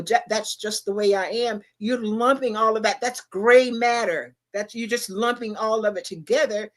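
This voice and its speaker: A middle-aged woman talks in a casual livestream show as co-host. She speaks emphatically and a little preachily. She keeps asking the listener rhetorical questions. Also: medium pitch. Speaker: podcast co-host.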